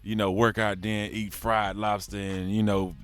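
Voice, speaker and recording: A man's voice: on the low side, level tone, moderate pace, fairly bright tone, smooth, dry recording, faint music behind. A man, a rapper talking as an interview guest in a laid-back, slangy drawl. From Houston, Texas. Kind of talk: casual interview talk.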